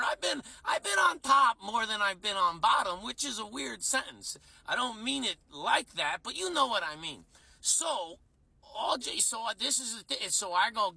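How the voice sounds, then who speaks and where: Bright-voiced profane bartender telling a story. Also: male voice, sits high, creaky, breathy edge, no echo. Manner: profane, rambling, self-mocking. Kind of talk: casual storytelling.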